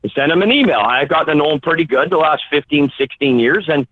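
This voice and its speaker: A man phones in as a guest and tells a long anecdote animatedly, acting out the voices he quotes. His voice is fairly high and quick, with no echo, over a tinny phone line.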